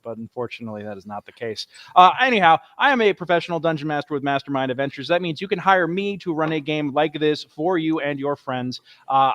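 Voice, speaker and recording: A man's voice: mid-range voice, a bit bright, no room sound. Showy wisecracking man hosting. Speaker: dungeon master. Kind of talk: show intro and casual chat.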